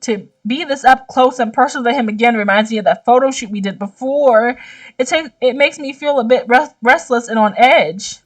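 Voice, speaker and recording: Animated young woman reading a visual novel. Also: fairly high pitch, normal speed, recorded from a distance. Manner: animated, slangy reactions and exclamations. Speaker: gaming YouTuber.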